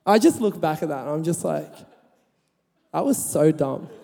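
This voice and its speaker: A man's voice: on the high side, lively intonation, normal speed, vocal fry, mellow. A man preaching a sermon, chatty and laughing as he tells a story, then rising to emphatic points. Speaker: pastor. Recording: long hall reverb.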